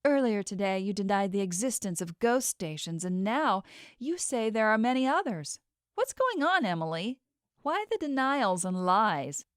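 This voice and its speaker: A woman reads a fierce young wife who rants with heat and fights back tears. It is an audiobook voice in a middling pitch, set in a dry, close recording. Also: big pitch swings, normal speed, no room sound, lightly acted. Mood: accusing. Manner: ranting, heated, tearful. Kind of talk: audiobook character voice.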